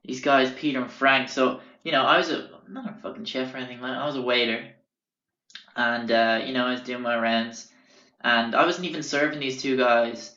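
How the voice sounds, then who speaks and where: The voice is mid-range, brisk, and sharp, with fairly even intonation: a young Irish man hosting a podcast. His laid-back storytelling rambles and swears, full of fillers and self-corrections, and the sound is roomy, dull, and lo-fi.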